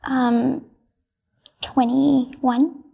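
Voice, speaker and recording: Soft-spoken hesitant young woman, gravelly. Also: sits high, little pitch movement, drawn-out words, dull audio. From United States. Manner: soft, hesitant, brief answers with many ums. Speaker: interviewee. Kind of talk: answering interview questions.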